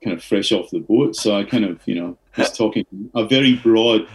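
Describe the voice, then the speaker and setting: A middle-aged man from Scotland with a Scottish accent, a podcast guest recounting career stories in a casual, animated way. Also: lowish voice, normal speed, rough recording. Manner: animated anecdotes with acted-out quotes. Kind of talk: casual storytelling interview.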